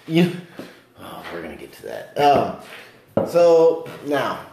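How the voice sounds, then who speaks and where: A man casually discussing a movie, animated and profane, swinging between loud outbursts and low muttering. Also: slow, vocal fry, roomy sound.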